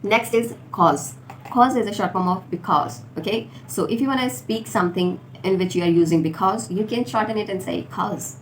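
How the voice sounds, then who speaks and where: A woman teaching informal contractions, repeating each word slowly for learners. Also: medium pitch. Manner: slow, deliberate drilling of words. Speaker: English teacher. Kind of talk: spoken English lesson for learners. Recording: faint background noise.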